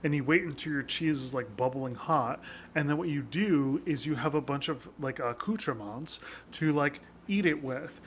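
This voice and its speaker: A man's voice: fairly high pitch, moderate pace, fairly bright tone, a little hiss or hum. A man co-hosting a podcast, chatting casually and rambling, with some swearing. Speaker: podcast co-host. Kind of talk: casual chat.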